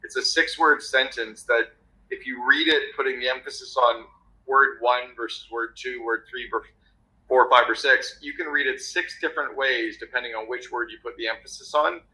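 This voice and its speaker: A man's voice: mid-range voice, steady tone, moderate pace, sharp tone, poor audio. A man talking as a guest on a business podcast, confident and telling anecdotes with acted-out quotes. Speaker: guest author on meetings. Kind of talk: podcast conversation.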